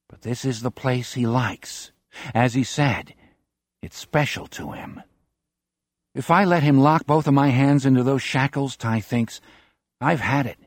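Man, audiobook narrator, measured dramatic reading, dry close studio sound. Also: medium pitch, a little mellow, dry recording.

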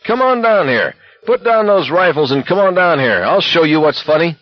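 A man voicing an unhinged, reckless young male walker who yells hoarse taunts. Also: on the low side, animated, a little fast, dry recording, dull audio. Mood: screaming taunts.

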